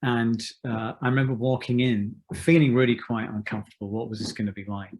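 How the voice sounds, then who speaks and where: A man in his fifties, a musician being interviewed, who talks in a thoughtful, measured way with many restarts. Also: mid-range voice, steady tone, darkish tone. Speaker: musician guest. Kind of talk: reflective interview talk.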